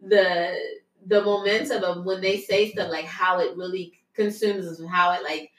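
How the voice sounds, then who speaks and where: A woman in her thirties co-hosting a casual podcast chat, emotional and quick to laugh. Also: fairly low pitch, fairly even intonation, roomy sound, rough recording. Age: 30s. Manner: emotional, laughing, rising when moved. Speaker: podcast co-host.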